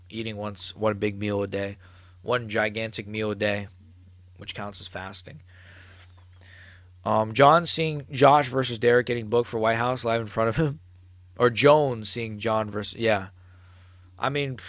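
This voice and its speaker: A young man hosting a live fight reaction stream, ranting excitably and swearing, recorded close to the mic. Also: mid-range voice, no room sound. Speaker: MMA channel host.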